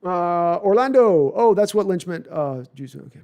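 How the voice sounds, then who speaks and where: A man hosting a casual live stream, reading viewer comments aloud and answering them with quick asides and self-corrections. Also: high voice, expressive, darkish tone. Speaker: livestream host answering viewer chat. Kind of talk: casual live chat about football.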